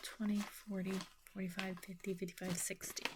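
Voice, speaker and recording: A woman's voice: mid-range voice, little pitch movement, brisk, very noisy. A middle-aged woman hosting a budgeting video, chatting casually and counting bills half under her breath between asides. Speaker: budgeting channel host. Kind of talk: casual chat while counting cash.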